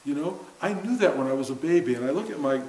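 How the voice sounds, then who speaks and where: A man's voice: on the high side, animated, fast talker, darkish tone. Older man, earnest spiritual talk, roomy echo. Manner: earnest and conversational, often laughing. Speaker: spiritual teacher. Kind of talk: informal spiritual talk to a class. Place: room with a seated audience. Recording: roomy echo with faint hiss.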